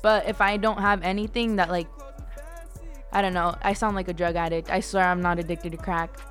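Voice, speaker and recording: A woman's voice: fairly low pitch, steady tone, fairly quick, fairly bright tone, soft background music. A young woman, a student co-hosting a podcast, talking in casual chat that is loose and rambling, full of fillers and casual swearing. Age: young adult.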